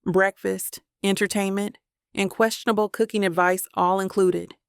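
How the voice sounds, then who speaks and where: A woman reading a teasing, easygoing young dad, gravelly. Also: mid-range voice, steady tone, moderate pace, no room sound, clean studio sound, close to an everyday voice.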